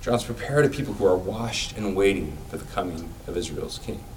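A man's voice: low-pitched, fairly quick, darkish tone, recorded from a distance, a little hiss or hum, rough recording. A man giving a sermon in a casual, conversational way, using everyday comparisons. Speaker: preacher.

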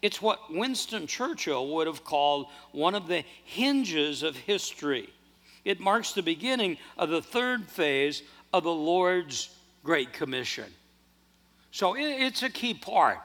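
A man preaching a sermon as pastor, earnest and animated, often restarting his words. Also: on the high side, slow pace. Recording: long hall reverb.

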